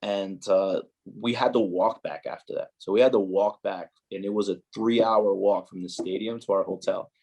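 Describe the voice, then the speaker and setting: Young guy on a podcast, kinda low voice, rambling animated stories, says like a lot. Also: normal speed, creaky, hardly any pauses. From New Jersey, USA. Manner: animated, heavy use of "like" and "you know". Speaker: podcast guest, footballer. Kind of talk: casual storytelling chat.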